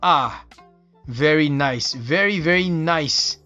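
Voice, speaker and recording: A man's voice: on the high side, takes it slowly, sharp tone, faint music behind. A man from Singapore with a Singaporean English accent, casually narrating an unboxing and reviewing details with enthusiastic, admiring exclamations. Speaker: knife reviewer.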